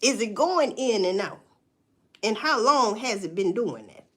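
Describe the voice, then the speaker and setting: On a live stream, a woman talks straight to her viewers in a blunt, profane, casual way. Her pitch swings widely and she jumps up into loud, emphatic outbursts. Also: expressive, unhurried, husky. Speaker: livestream host. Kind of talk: casual livestream chat to viewers.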